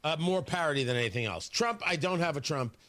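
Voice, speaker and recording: A man with a high, bright voice hosts talk radio from a studio mic. His pitch swings widely as he argues, sarcastic and emphatic, pressing each point with indignation. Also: expressive, fast. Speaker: radio talk show host. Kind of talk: opinionated talk radio monologue. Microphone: studio microphone.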